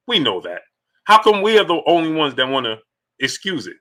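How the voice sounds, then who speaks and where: A man with a fairly high, sharp-toned voice whose pitch swoops wildly hosts a boxing stream at a brisk clip. He welcomes viewers in the chat by name and keeps firing rhetorical questions.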